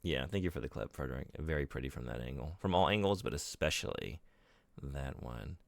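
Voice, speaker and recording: A man's voice: extremely low pitch, animated, a little fast, gravelly, dry recording. A man streaming a game, chatting casually with his viewers and poking fun at himself. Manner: chatty, self-deprecating, reads and answers chat. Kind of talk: casual live-stream chat while gaming.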